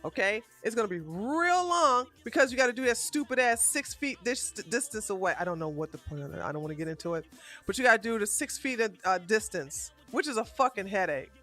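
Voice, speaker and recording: A woman's voice: mid-range voice, animated, fairly quick, a bit bright, faint music behind. A woman hosting a live-stream political commentary show, ranting bluntly and with heavy profanity.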